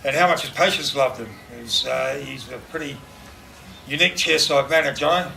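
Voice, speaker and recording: Gravelly New man giving a eulogy. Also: medium pitch, pushed and bright. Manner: halting, laughing, fond storytelling. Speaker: eulogy speaker. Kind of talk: memorial speech with anecdotes. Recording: distant mic, noisy room.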